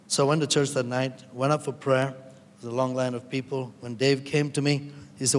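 Male preacher, earnest testimony delivery, mid pitch, long hall reverb. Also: flat delivery, fairly quick, a little hiss or hum. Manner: earnest storytelling, often quoting others. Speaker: guest preacher. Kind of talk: sermon with personal testimony.

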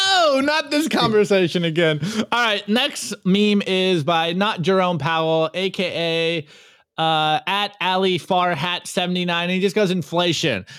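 A man hosting a podcast, reviewing memes in casual, energetic chat and often repeating words as he starts sentences. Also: high-pitched, measured pace, clean tone, dry recording, clean studio sound. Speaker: podcast host.

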